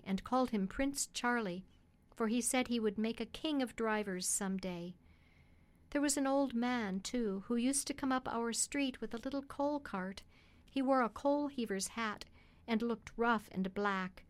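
A woman hosting a radio program, reading a children's classic aloud in a clear, even storytelling voice. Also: a little high. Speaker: radio program host and reader.

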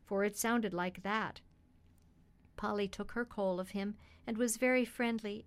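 A woman hosting a radio program, reading a children's classic aloud in a clear, even storytelling voice. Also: a little high. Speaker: radio program host and reader.

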